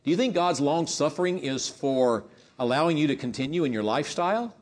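A man's voice: animated, fairly quick. Impassioned male preacher, rising and falling. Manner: impassioned, rises to emphatic peaks then drops low; leads a spoken prayer to God. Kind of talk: sermon.

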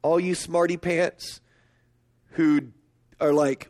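A middle-aged man preaching a sermon, emphatic and storytelling, swinging up to excited peaks. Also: measured pace. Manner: storytelling, emphatic, rising to high excited pitch. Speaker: pastor.

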